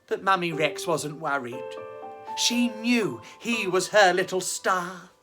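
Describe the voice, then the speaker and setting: Woman, children's storyteller, slow unhurried delivery, slightly low pitch, theatrical and gushing. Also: over music. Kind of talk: library rhyme time and storybook reading.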